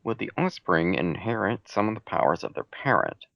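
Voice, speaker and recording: A man's voice: on the low side, lively intonation, normal speed, vocal fry, dry recording. A man answering reader questions about his fan fiction in a casual, laid-back Q&A chat, with dry, matter-of-fact answers. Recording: dull home mic recording.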